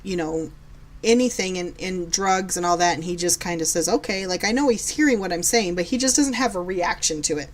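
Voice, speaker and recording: A woman's voice: lowish voice, a little fast. A woman in her thirties co-hosting a podcast, talking casually and sarcastically about raising her kids, often laughing as she tells stories. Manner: sarcastic, chatty, laughs while telling stories. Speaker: podcast co-host. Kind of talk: casual chat.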